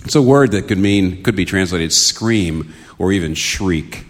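A man's voice: low-pitched, expressive, measured pace, long reverb tail. A man preaching a sermon, earnest and building to impassioned questions.

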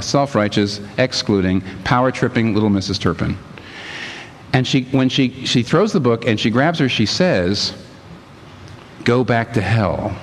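A man preaching a sermon as pastor, lively and emphatic, reading passages aloud. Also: on the low side, in a large hall, slight background noise.

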